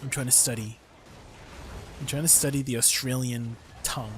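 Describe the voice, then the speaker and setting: A man's voice: mid-range voice, steady tone, moderate pace. A man streaming a game, chatting casually with his viewers and laughing often. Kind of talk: casual live-stream chat. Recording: faint background noise.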